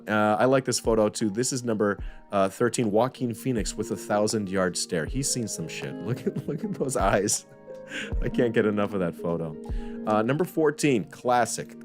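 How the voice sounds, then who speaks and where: A man hosts a casual live-stream trivia game, cracking jokes and wandering off into self-correcting asides. His voice sits a little low. Music plays clearly under his talk. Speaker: trivia host. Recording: music playing behind the voice.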